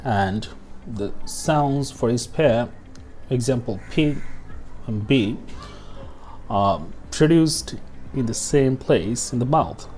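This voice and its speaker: A man with a mellow, mid-range voice gives a slow English pronunciation lesson, saying each example word twice and often checking in with "okay?". He pauses now and then to cough, and a little hiss or hum sits in the recording.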